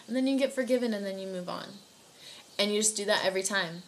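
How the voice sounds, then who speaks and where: Bright earnest young woman encouraging. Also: medium pitch, fairly quick. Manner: earnest and encouraging, with frequent fillers. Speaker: youth devotional speaker. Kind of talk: casual devotional talk.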